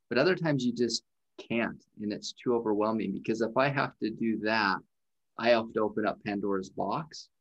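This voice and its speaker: A man hosting a conversation, reflecting thoughtfully on grief, with many fillers. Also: lowish voice.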